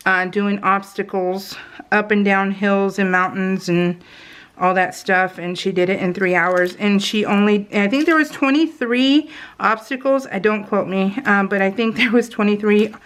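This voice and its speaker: A middle-aged woman, a native English speaker, records a casual voice-over while scrapbooking, chatting about her family. She is self-deprecating and laughs often, and her mid-range voice is a bit bright.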